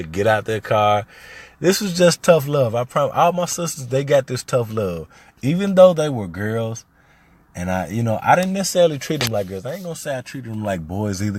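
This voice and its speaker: A man talks through family stories on his podcast. His voice sits on the low side, and his easygoing chat rises into emphatic, heated stretches when something frustrates him. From Little Rock, Arkansas. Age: 30s. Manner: loose and conversational, turns heated and emphatic when recounting frustrations. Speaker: podcast host. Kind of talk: casual storytelling monologue.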